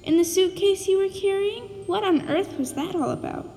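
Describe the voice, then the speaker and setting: A high, plucky little orphan girl from a storybook, played by a woman reader, earnest and matter-of-fact. The voice is soft-toned and rings with a long reverb, with gentle music under it. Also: normal speed. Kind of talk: storybook reading.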